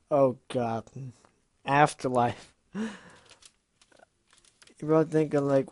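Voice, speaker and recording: A man's voice: medium pitch, steady tone, moderate pace, pauses often, darkish tone, no echo. A man reading fan fiction aloud in a casual way, stumbling over words and adding chatty, self-deprecating asides.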